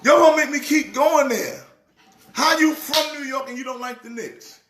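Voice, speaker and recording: A man who is a pastor, talking sports casually in an excitable way, repeating words with a preacher's rhythm. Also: very high voice, moderate pace, reverberant. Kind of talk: casual sports talk show.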